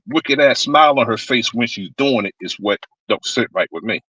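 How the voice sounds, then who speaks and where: A man talks politics on a stream in a blunt, rambling way and swears without pause. His voice is bright and forceful. The sound is dry and close. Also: mid-range voice, no room sound, poor audio. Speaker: stream panelist. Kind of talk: casual political rant.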